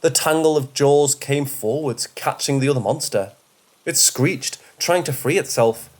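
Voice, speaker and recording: Man, horror story narrator, mid-pitched voice, steady measured reading. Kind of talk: scripted first-person narration.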